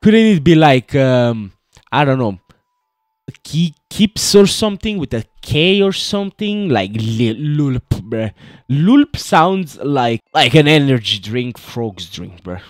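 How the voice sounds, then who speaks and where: A man's voice: medium pitch, dry recording, studio quality. A young man joking his way through a horror game playthrough, chatting and calling everyone "bro". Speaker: gaming video host.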